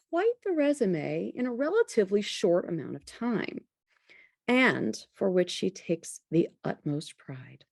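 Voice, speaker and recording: A woman hosting a podcast interview, introducing her guest and then reflecting in a measured, deliberate way. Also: medium pitch, gravelly, darkish tone, dry recording, studio quality. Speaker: podcast host.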